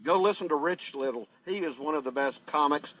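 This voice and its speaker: A man's voice: on the high side, a little fast, fairly bright tone, no echo. A man in a casual group voice chat who mocks the others bluntly, heard through a dull lo-fi mic. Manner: blunt, mocking.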